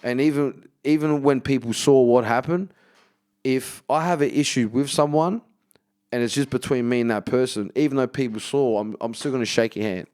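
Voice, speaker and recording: A man's voice: mid-range voice, moderate pace, smooth. A man, a comedian guest, telling a story in casual podcast chat, swearing a lot and acting out what people said. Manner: animated storyteller, heavy swearing, acts out quotes.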